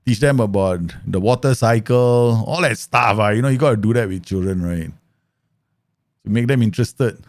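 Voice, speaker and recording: A man's voice: fairly low pitch, moderate pace, dry recording, clean studio sound. A man, streaming a football manager game live, chatting with viewers and laughing often. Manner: animated, laughs often, mimics voices in stories. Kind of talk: live football manager gameplay commentary with chat.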